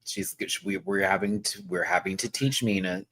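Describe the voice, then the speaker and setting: A young man giving casual, expressive commentary as a reviewer of a reality show, often swinging into high exclamations. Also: normal speed, a little hiss or hum.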